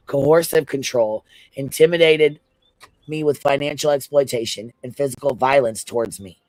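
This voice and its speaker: A man's voice: mid-range voice, dry recording, poor audio. A man on a livestream panel reading a legal filing aloud, breaking off into blunt, profane, incredulous asides.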